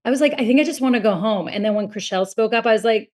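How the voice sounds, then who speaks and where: A woman's voice: on the high side, rapid-fire, a little mellow. A woman guest on a podcast in casual chat, telling her side of events in a chatty way and filling her talk with "like". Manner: chatty, filler-heavy storytelling.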